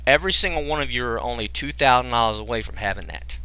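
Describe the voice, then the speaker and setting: A man pitches a business program to a live online audience in a casual webinar, joking and firing rhetorical questions in folksy slang. His medium-pitched voice is animated and quick, with a sharp, clear, resonant tone.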